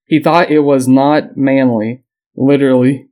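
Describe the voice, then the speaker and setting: A podcast co-host, male, with a mid-range voice and measured pace. He retells history in a casual, relaxed storytelling style marked by frequent fillers and small laughs.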